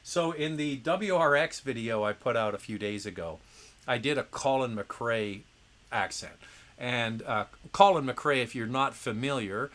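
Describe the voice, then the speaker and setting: A middle-aged man hosts a casual live question-and-answer stream. His voice sits at an ordinary pitch but sounds bright and forceful. He talks in a chatty, opinionated way, often restarting sentences with "uh" and "um.". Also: measured pace. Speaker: host answering viewer questions. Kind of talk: casual livestream Q&A.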